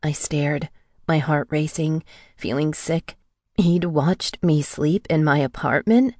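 A woman's voice: low voice, slow, a little mellow, dry recording, clean studio sound. A woman reading a first-person thriller audiobook in a tense, urgent narrating manner.

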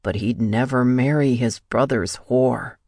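Smug male villain, slow low taunts, read by a woman narrator with a deep dry voice. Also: darkish tone, no echo, exaggerated voice. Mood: gloating. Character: menacing young male captor, smug and cruel.

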